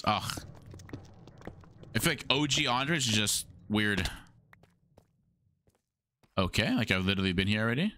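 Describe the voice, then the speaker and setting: A man's voice: fairly low pitch, lively intonation, moderate pace, pauses often, bright, forceful tone, slight background noise. A young man livestreaming a game, chatting casually with his viewers in slang and humming to himself. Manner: slangy, talks to chat, hums to himself.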